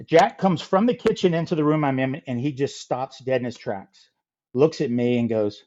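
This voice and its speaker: A middle-aged man telling a funny story as a podcast guest, lively and acting out the people in it. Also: medium pitch, moderate pace, highs cut off. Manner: animated, acts out quoted voices. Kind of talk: casual storytelling.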